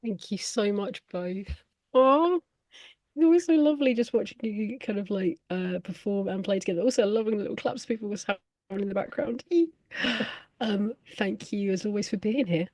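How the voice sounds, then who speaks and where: A woman hosting an online poetry event, speaking softly and gently. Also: mid-range voice, no room sound. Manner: soft, gentle and quick. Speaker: event host.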